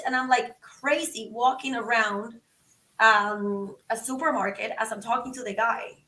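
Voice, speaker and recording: A woman's voice: a little high, fairly even intonation, a little slow, sharp tone. A woman from Venezuela, a podcast guest telling a story animatedly and acting out both sides of conversations. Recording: roomy, from a distance.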